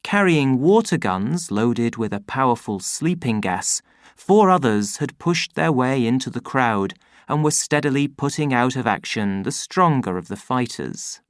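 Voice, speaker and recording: A man reading an audiobook as narrator, slow and expressive. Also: medium pitch, dry recording, studio quality.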